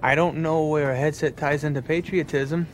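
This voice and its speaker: A man's voice: a little high, steady tone, moderate pace, slight background noise, lightly acted. An actor playing a frustrated male airline passenger in a comedy sketch, meek and growing defensive. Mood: flustered. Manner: meek, increasingly flustered and defensive.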